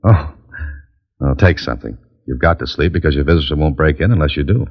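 An actor playing a dry, wisecracking adventurer who also narrates, in 1940s radio acting. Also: male voice, extremely low pitch, a little fast, breathy edge, exaggerated voice. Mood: confident. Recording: dull old radio recording.

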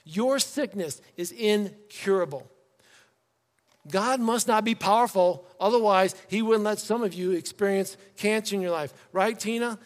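A man with a high, light voice preaches a sermon in a church, talking to the congregation in a relaxed, conversational way. He brightens into animated quoted voices now and then. The sound carries a long reverb from the hall. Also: normal speed, few pauses. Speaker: pastor. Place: church sanctuary.

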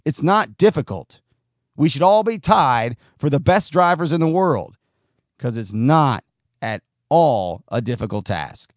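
A man's voice: mid-range voice, big pitch swings, a little slow, dry recording, studio quality. A man hosting a talk show, giving a blunt, profane monologue and sometimes acting out angry drivers. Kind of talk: opinionated monologue.

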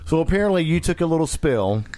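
A man's voice: on the high side, animated, quick pace, warm tone. A man co-hosting a podcast, teasing the others and laughing often in casual chat. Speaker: podcast co-host.

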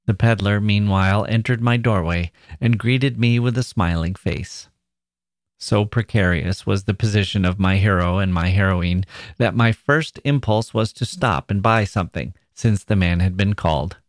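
Low-voiced man reading a story aloud. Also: dry recording, clean studio sound. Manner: measured storytelling. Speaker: podcast host reading a short story. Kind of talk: literary reading.

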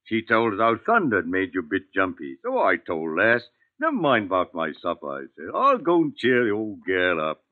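A sly, teasing handyman in a 1940s radio thriller. His low voice rolls up and down through a very wide sing-song range, and it sounds thin and tinny, like an old broadcast. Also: huge pitch swings, moderate pace, few pauses. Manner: folksy, teasing, drawling dialect. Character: sly rustic male handyman, sinister joker.

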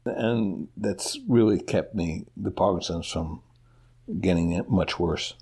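A man's voice: deep voice, slow, warm tone, husky. An older man, a teacher, talking candidly in an interview and telling stories with a self-deprecating touch. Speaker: interview guest. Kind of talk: casual interview.

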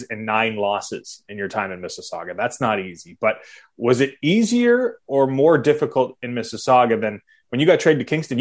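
A man hosting a podcast, asking relaxed, well-prepared questions in a casual interview. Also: medium pitch. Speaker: podcast host.

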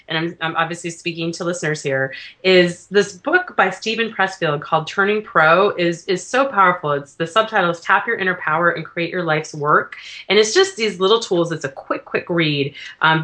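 A woman being interviewed, telling lively stories and laughing often in casual chat. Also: lowish voice. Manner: animated storyteller, laughs often. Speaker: interview guest, business consultant.

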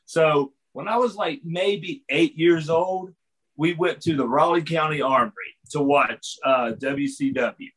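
A man's voice: on the high side, measured pace, low-quality recording. A middle-aged man telling a story in a casual chat, laughing often and acting out the voices of the people in it. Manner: animated, laughs often, acts out voices in his stories. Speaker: podcast guest, former wrestler.

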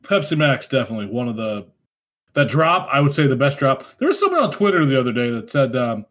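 A man co-hosting a casual podcast chat over drinks, animated, laughing often and trailing off with ums. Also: medium pitch, quick pace. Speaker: podcast co-host.

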